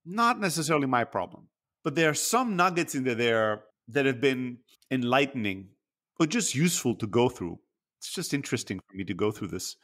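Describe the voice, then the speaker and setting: A man's voice: medium pitch, sing-song, a little fast, a bit bright. A man co-hosting a podcast, talking candidly and introspectively in casual chat, swearing freely. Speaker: podcast co-host.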